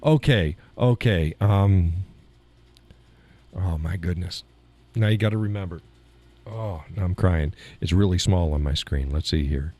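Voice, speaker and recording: Low-pitched and unhurried, with a somewhat dark tone, a middle-aged man runs a live stream and banters casually with viewers. He laughs frequently at what they say and teases himself. He keeps clearing his throat through a lingering cough.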